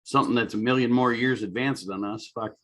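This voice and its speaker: A man's voice: medium pitch, fairly even intonation, a little fast, a bit bright. A man chatting casually, hesitant, mostly agreeing in short replies. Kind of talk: casual chat.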